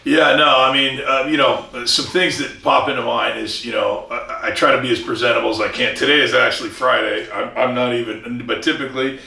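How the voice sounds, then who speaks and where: A man's voice: mid-range voice, steady tone, brisk, vocal fry, hardly any pauses, pushed and bright, echoey room, far from the mic. A man, a commercial real estate broker, speaking earnestly as an interview guest, often restarting and acting out what others said. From Southern California. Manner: earnest, many restarts, acts out quoted people. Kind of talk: casual interview talk.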